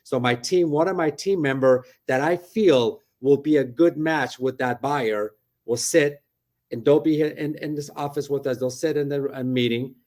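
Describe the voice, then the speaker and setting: A man's voice: mid-range voice, darkish tone. A middle-aged man, a real estate broker, chatting animatedly from his office on a video call and tagging his points with "right?". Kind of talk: casual interview talk.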